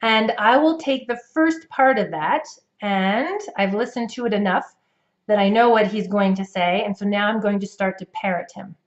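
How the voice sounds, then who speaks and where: A woman with a North American English accent, explaining accent practice clearly and patiently to the camera as a coach. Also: mid-range voice, normal speed, lo-fi sound.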